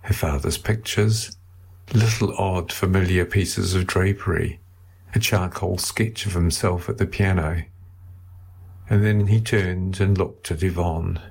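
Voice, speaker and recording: A man narrating a novel as an audiobook in a measured, steady storytelling way. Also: sits low, gravelly, slightly rough.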